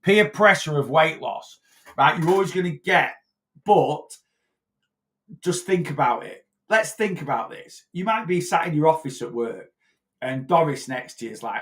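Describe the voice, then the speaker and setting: A man's voice: on the high side, lively intonation, normal speed, fairly bright tone. A man giving casual weight-loss advice in a vlog, blunt and chatty, often tagging his points with "right?".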